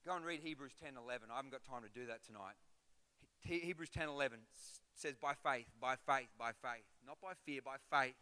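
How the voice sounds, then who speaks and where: A middle-aged man preaching a sermon as a guest pastor, telling a story with animation and building to loud, rhythmic exhortation. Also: mid-range voice, quick pace. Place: church auditorium. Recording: reverberant church hall.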